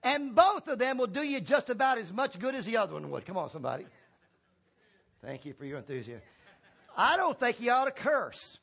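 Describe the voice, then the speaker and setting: High-voiced animated male preacher. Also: brisk, vocal fry, husky. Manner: emphatic call-and-response preaching with repeated phrases; folksy humor. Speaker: pastor. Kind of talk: sermon. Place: church sanctuary.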